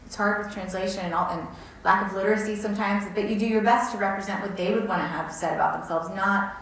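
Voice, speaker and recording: Woman guest, quick earnest talker, heard from a distance in a very echoey room. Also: medium pitch, fairly even intonation, slight background noise. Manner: fast, earnest, self-correcting explanations. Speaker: guest, co-founder. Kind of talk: conversational interview.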